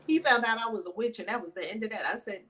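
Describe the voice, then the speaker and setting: A woman's voice: mid-range voice, quick pace, heavy background noise. A woman telling a funny story in casual chat, acting out quotes and laughing often. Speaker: co-host.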